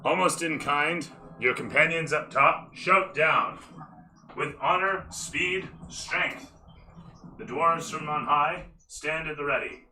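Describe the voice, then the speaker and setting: Bright-voiced man narrating as dungeon master. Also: fairly high pitch, slow, slight background noise, low-quality recording. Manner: cinematic scene narration with casual asides and swearing. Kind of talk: narrating a tabletop game online.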